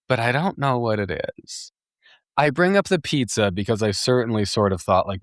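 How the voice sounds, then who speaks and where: A man's voice: mid-range voice, lively intonation, normal speed, fairly bright tone, no echo, studio quality. A man in his thirties hosting a podcast, telling a personal story in a candid, rambling way, with many fillers and restarts and laughing at himself. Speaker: podcast host.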